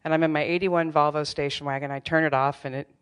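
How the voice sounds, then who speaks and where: Clear-voiced woman telling a wry story. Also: deep voice, steady tone, fast. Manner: candid, wry, self-deprecating humor. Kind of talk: live storytelling on stage. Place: theater stage before a live audience.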